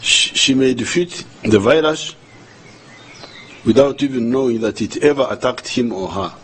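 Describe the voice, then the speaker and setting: An older man with a Ugandan accent giving a formal address to the nation as head of state, speaking slowly and deliberately and often repeating words as he searches for the next one. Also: mid-range voice, fairly bright tone, a little hiss or hum, low-quality recording.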